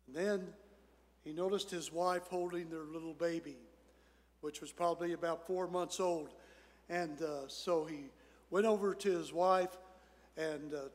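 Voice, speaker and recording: A man preaching a sermon as pastor, telling a story in a folksy way and dropping to soft, hushed tones at tender moments. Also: sits high. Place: church sanctuary. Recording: church hall with long reverb.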